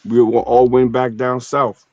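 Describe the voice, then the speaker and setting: A man's voice: medium pitch, little pitch movement, a little slow, a little mellow. A man from New York City hosting a casual streamed talk, telling stories in loose slang and often adding "you know what I'm saying.". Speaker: stream host. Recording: dull, dry streamed audio.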